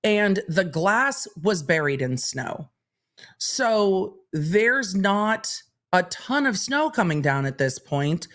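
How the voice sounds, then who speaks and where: Woman streaming legal commentary, thinking out loud, chatty and analytical. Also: medium pitch, sing-song, takes it slowly. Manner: analytical, thinking aloud, conversational.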